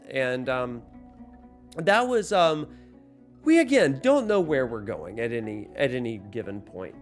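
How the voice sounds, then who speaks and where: A man in a casual gaming vlog, rambling through his recap with lots of fillers and self-deprecating asides. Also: mid-range voice. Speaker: gaming vlogger.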